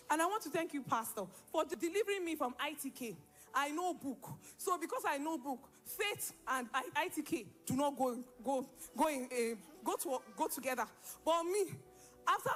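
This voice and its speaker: A young woman tells her testimony with a slightly high voice, and she acts out the lines of the people in her story. Her delivery is lively and expressive throughout. Faint music plays softly behind her. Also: fairly quick. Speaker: church member giving testimony. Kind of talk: spoken testimony.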